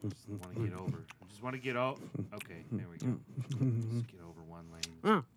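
An improv performer playing a fussy, exasperated adult driver who scolds a companion, swinging from whining to shrill outbursts. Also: animated, fairly quick. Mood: irritable. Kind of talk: improvised comedy scene.

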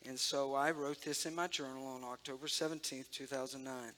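A man's voice: medium pitch, steady tone, a little fast, bright, forceful tone, slight background noise. A man giving an emotional, conversational sermon-style testimony, speaking directly to his audience.

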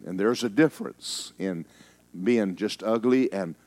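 A male pastor delivering a sermon, telling stories in a folksy, teasing way, with emphatic stretches and hushed asides. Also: fairly low pitch, unhurried. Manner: emphatic, storytelling preacher who drops into hushed asides.

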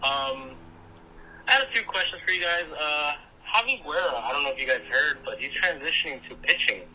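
A man leaving a halting, deadpan joking voicemail for a podcast. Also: fairly high pitch, slight background noise, rough recording. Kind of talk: voicemail message.

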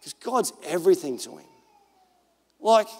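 An Australian pastor preaching a sermon with a high, lifted voice. He tells stories in an animated way and acts out the voices of others. His words ring out with a long reverb through a church hall. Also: measured pace, husky.

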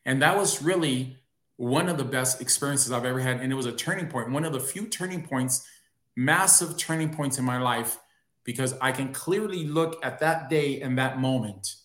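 A man's voice: medium pitch, moderate pace, a bit bright. A man, a guest on a talk show, earnestly telling a personal story. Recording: roomy echo on his voice.

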